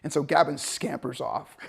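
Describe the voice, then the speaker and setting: A man speaking as a motivational speaker in a storytelling seminar talk, animated and acting out the people he quotes. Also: high-pitched, quick pace.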